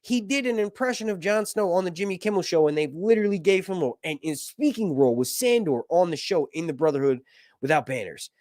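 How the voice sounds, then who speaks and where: A man's voice: high-pitched, animated, a little fast, darkish tone, no echo, clean studio sound. A man hosting a casual live stream, reading viewer messages aloud and chatting with lots of laughs and energy. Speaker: livestream host.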